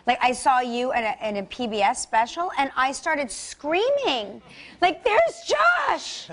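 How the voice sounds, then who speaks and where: A woman in her forties hosting a TV talk show, bubbly and excitable, chatting and laughing often. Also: sits high, normal speed. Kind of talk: casual chat. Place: TV studio.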